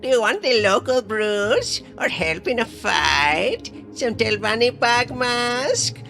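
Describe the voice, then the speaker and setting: A slow, gravelly cat-like shopkeeper voiced by a woman drawls eager questions in a lilting, sing-song way. Her pitch climbs and dips all over, fairly high, with faint music underneath. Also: sing-song, fairly bright tone, exaggerated voice.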